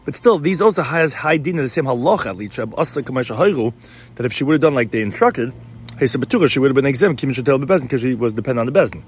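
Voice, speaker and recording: A man's voice: medium pitch, lively intonation, slight background noise. A man explaining a Talmud passage in class, reading out terms and translating them, often repeating words as he goes. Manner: rapid, mixes Hebrew-Aramaic terms with English, frequent repeated words. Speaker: Talmud teacher.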